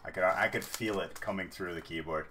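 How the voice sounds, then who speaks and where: A man's voice: deep voice, brisk, noisy background. A man hosting a card-break livestream, rambling in casual chat and saying "dude" a lot.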